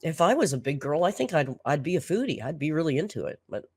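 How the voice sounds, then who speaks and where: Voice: medium pitch, very animated, fast talker, darkish tone, slightly rough, no echo, clean studio sound. A commentary host reacting to a food video, sarcastic, exasperated and blunt.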